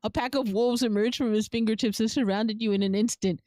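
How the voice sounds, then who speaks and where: A woman's voice: fairly high pitch, steady tone, brisk, dark tone, dry recording, studio quality. A woman streamer reading a story game aloud, narrating evenly and laughing at the scenes. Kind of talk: game narration and live reactions.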